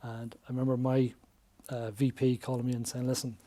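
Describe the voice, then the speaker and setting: Guy on a podcast, warm mellow voice, animated storyteller, does the voices of people he quotes. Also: mid-range voice, a little fast. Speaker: podcast guest, business coach. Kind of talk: casual interview chat.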